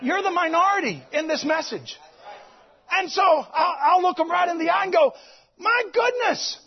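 A man preaching a sermon to his congregation, swinging between loud exclamations and quiet, low passages. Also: moderate pace. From United States. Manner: animated preaching, swings between shouting and hushed. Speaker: pastor. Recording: dull lo-fi recording.

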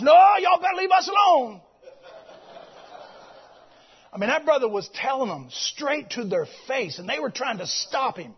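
A man preaching at full volume in a very high voice. He shouts his sermon in a rolling cadence. The recording sounds dull and muffled. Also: sing-song, normal speed, hardly any pauses, breathy edge. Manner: shouting, preachy cadence, quotes others in character. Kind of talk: fiery sermon.

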